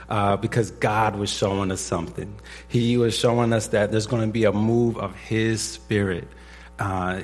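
A man in his forties, a pastor, telling a personal story from the pulpit in a husky voice, animated when he acts out what others said. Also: on the low side. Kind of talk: sermon testimony. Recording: echoey hall with long reverb.

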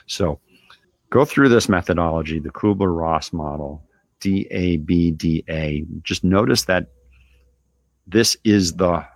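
Male host, very low gravelly voice, dry close sound, relaxed coaching talk full of "you know". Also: measured pace, no echo. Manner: loose, conversational, lots of "you know" and "right?". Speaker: business owner and show host. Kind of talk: casual coaching monologue.

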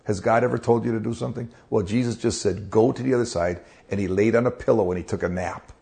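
A man's voice: lowish voice, steady tone, fast talker, vocal fry, darkish tone. A man preaching in a conversational devotional style, earnest, asking rhetorical questions and often repeating words as he goes.

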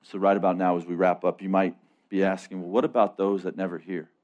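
A young man preaching a sermon, telling stories and building to loud, passionate calls. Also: deep voice, steady tone, fast, dull audio.

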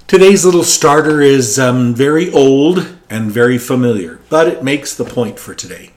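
Priest doing his sunday homily, slow and chatty, voice goes up and down a lot, soft music behind. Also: mid-range voice. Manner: conversational and candid, with asides. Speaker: Catholic priest.

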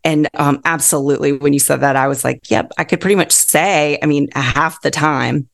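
Earnest woman with a gravelly voice. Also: low-pitched, steady tone, moderate pace. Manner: earnest, heartfelt and emphatic. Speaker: guest author and counselor. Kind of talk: casual interview talk.

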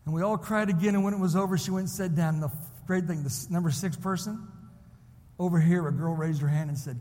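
A high-voiced man from Illinois preaches, drifting between hushed, tender storytelling and fervent cries to the congregation. His voice rings with the long reverb of a large church hall. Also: fairly quick. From Illinois, USA. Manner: emotional storytelling that swells into impassioned preaching. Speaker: preacher at a missions convention. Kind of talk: sermon.

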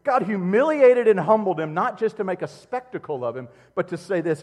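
A middle-aged man preaching a sermon as a pastor, swinging between loud emphatic outbursts and quiet, low, intimate passages. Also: animated, brisk, long reverb tail.

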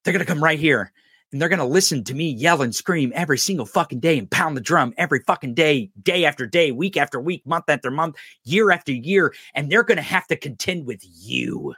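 A man hosting a podcast, giving a loud, profane, mocking political rant. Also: a little high, lively intonation, fairly quick, husky, dry recording, studio quality. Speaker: podcast host.

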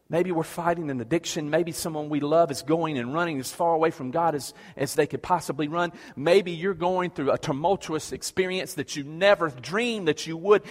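A man's voice: fairly high pitch, long reverb tail. A man preaching a passionate sermon as pastor, repeating questions and stammering through restarts.

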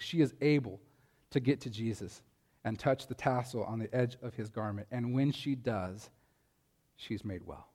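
Conversational preacher in a reverberant hall. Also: male voice, medium pitch, darkish tone. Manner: conversational, asks the listeners rhetorical questions. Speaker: pastor. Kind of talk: sermon.

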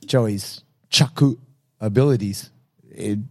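A man's voice: lowish voice, takes it slowly, darkish tone. A man co-hosting a podcast, chatting casually and telling film trivia with enthusiasm. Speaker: podcast co-host. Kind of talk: casual chat.

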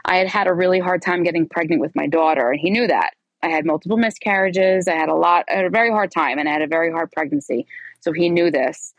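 A woman in her forties, a podcast guest, telling her own story in a candid, animated way and acting out the dialogue. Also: lowish voice, fast talker, no echo. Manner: animated, acts out quoted dialogue.

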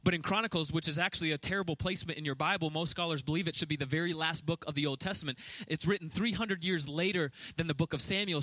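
Bright, fast-preaching male pastor. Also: a little high, dry recording. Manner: fast, intense preaching with rhetorical questions. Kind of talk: sermon.

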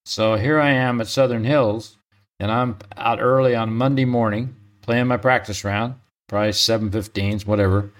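A man's voice: on the low side, fairly even intonation, moderate pace. An older man, a retired pro golfer, telling stories as an interview guest, chatty, often chuckling and restarting mid-sentence. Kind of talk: relaxed storytelling.

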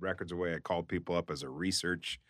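An older man, a longtime radio disc jockey, telling a story on a podcast in a studio in an animated, self-deprecating way. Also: low voice, fast, no echo. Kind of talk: casual storytelling.

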